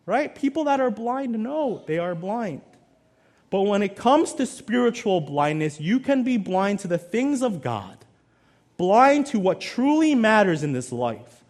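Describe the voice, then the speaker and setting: Man preaching, lively and high-pitched. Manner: preaching with big swings between loud emphasis and quiet asides. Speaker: pastor. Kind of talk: sermon.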